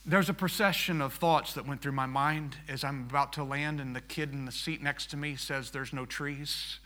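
Guy preaching a story sermon, super bright punchy voice, kinda high, acts out the bits. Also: moderate pace. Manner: animated storyteller who acts out the dialogue and turns soft and hushed for reflection. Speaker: missionary pilot preaching.

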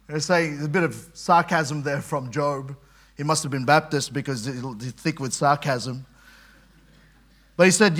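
Male preacher with a bright, slightly high voice, stumbling over repeated words as he explains scripture. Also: moderate pace. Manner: conversational preaching with frequent repetitions and quoted scripture. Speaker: pastor. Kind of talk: sermon.

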